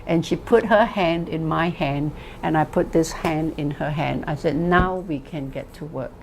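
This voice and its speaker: A woman therapist recounts a story from her practice in a slow, measured, earnest way. Her voice sits a little low, with thoughtful pauses. A faint hiss sits under the recording. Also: vocal fry, rough recording. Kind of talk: storytelling talk.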